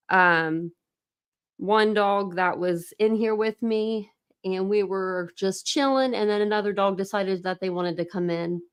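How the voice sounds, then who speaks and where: Hosting a laid-back livestream from a room at home where dogs are around, this woman chats, apologizes, and welcomes viewers by name, sounding slightly winded. Her voice sits fairly low, clear and resonant, captured studio-clean with no room sound.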